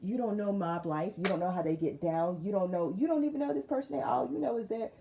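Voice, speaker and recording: A woman giving a casual spiritual tarot reading, telling it as an animated, slangy story with lots of repeated phrases. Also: medium pitch, quick pace, gravelly, echoey room, a little hiss or hum. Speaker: tarot reader.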